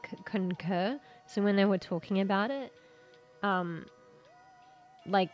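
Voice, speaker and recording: A woman's voice: mid-range voice, a bit bright. Rambling woman streamer with a sore throat. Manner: rambling, many fillers and restarts. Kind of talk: casual stream chat.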